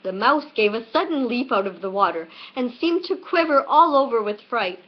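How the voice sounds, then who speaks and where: Woman narrating a storybook at home on a webcam; unhurried, fairly high voice, muffled lo-fi sound. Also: expressive. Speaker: audiobook reader. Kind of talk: amateur storybook reading. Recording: dull lo-fi webcam recording.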